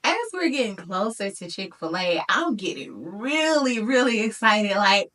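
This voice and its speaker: Animated woman telling a story, slow-paced. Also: mid-range voice, far from the mic. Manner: animated storytelling, addresses viewers as y'all. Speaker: vlogger. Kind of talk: personal storytelling vlog.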